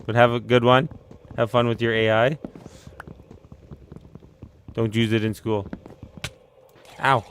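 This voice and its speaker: A young man, rambling casually to his viewers on a live stream. His voice sits at an ordinary mid pitch, and he drifts from topic to topic like an easygoing storyteller. A faint hiss of noise runs underneath. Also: little pitch movement, measured pace, pauses often. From Canada.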